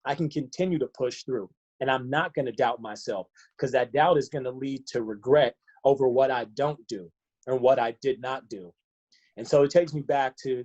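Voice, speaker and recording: A man's voice: medium pitch, mellow, dull audio. A man, a fitness coach, giving a motivational talk over a video call, earnest and fond of rhetorical questions.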